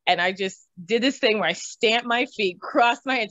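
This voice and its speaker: Animated young woman telling stories. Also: on the high side, normal speed, no echo. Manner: animated, laughs often, swears casually. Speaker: interview guest. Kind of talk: casual storytelling. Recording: slightly dull, dry recording.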